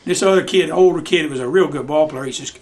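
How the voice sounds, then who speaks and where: Brief: older man, high-pitched folksy storyteller, home interview. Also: quick pace, darkish tone. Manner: folksy Southern storyteller, acts out voices in his anecdotes. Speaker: retired youth baseball coach. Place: living room of his house.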